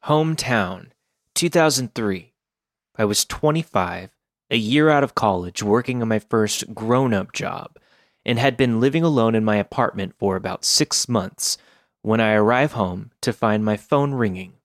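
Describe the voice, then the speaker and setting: A man narrating a scripted first-person horror story in a measured, deliberate way. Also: lowish voice, no echo, clean studio sound.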